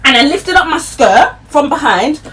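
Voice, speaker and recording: A 21-year-old woman telling a story time vlog in an animated, chatty way, laughing between lines. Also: high voice, moderate pace, faint music behind. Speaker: vlogger.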